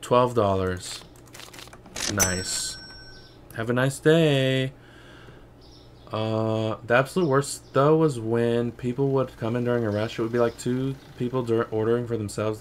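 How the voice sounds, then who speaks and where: A man's voice: medium pitch, a little fast, few pauses, a little hiss or hum. A young man streaming a shop game, chatting casually and sarcastically, with lots of "bro" and "like". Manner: rambling, sarcastic, says "bro" and "like" a lot. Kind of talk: casual gameplay commentary.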